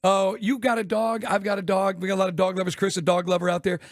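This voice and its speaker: A man co-hosting a sports radio show, telling stories quickly and laughing often. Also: high-pitched, little pitch movement, dry recording, clean studio sound. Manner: rapid storytelling, laughs often. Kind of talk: casual radio chat.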